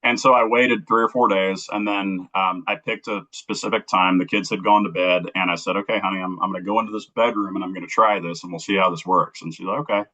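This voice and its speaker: A man from Kansas City telling an emotional personal story as a guest, earnest and halting, acting out the dialogue he quotes. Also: deep voice, steady tone, pushed and bright. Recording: dull lo-fi recording.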